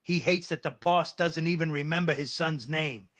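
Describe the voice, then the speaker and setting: A man reading third-person story narration in a steady, even way. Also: on the high side, moderate pace, no echo.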